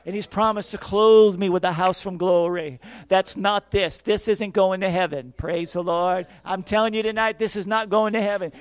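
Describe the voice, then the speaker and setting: High voiced male preacher, fervent, goes quiet then shouts, smooth clear tone. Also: steady tone, normal speed, few pauses, no echo. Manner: acts out quoted voices. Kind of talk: sermon.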